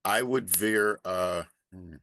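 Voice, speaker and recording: A man playing in a tabletop game, talking in a halting way as he thinks aloud. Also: deep voice, sharp tone, no room sound, clean studio sound. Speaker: player. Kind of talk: casual tabletop game chat.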